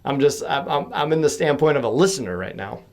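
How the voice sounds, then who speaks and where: A young man talks in a loose, rambling way, full of fillers and quick self-deprecating laughs. His voice sits at an everyday middle pitch. He sounds like a podcaster on a home mic during a remote call. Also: lively intonation, vocal fry, a little mellow. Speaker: podcast host as guest. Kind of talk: casual chat.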